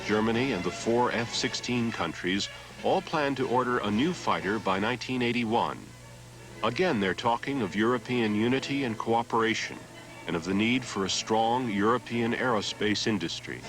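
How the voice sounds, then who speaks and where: Give me a man narrating a documentary in a measured, even voice, with faint music. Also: mid-range voice, low-quality recording. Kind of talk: scripted narration.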